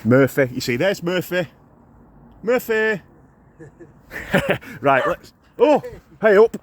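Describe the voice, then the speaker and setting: A man's voice: high voice, sing-song, slow, slight background noise. A man with a Yorkshire accent, out of breath, chatting to his phone camera while riding a bike up muddy hills outdoors, groaning and swearing and joking. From Yorkshire, England. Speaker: vlogger. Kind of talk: casual commentary while riding. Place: outdoors on muddy hill tracks. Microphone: phone held in hand.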